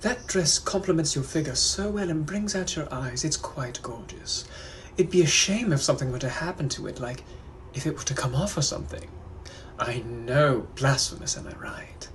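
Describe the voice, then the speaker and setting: A man voicing a suave, menacing 1800s British gentleman with a British accent, who drawls and flirts in a breathy, often whispered voice for comedic POV role-play. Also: fairly high pitch, animated, moderate pace, slight background noise. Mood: flirtatious. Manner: flirtatious and softly threatening, drawling.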